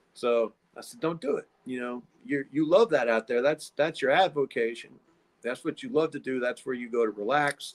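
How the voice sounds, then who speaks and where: Folksy rambling man. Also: medium pitch. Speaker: podcast host. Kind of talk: casual storytelling monologue.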